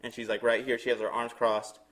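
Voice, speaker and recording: In a brisk, mid-range voice, a young man co-hosting a podcast relates a lengthy story in easygoing chat, acting out the quotes of those involved and swearing without restraint.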